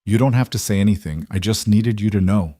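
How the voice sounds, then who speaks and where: A man playing a powerful male boss in a romance audiobook, earnest and smitten. His voice is low and sits close and dry on the mic. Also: brisk, mellow, no room sound, natural voice. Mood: gentle.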